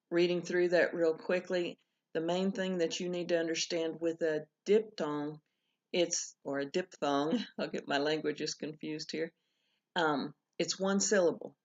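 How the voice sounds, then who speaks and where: Slow, patient woman teaching a lesson. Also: deep voice. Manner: slow, patient explaining with self-corrections. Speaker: Spanish teacher. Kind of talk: recorded class lesson. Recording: dull lo-fi recording.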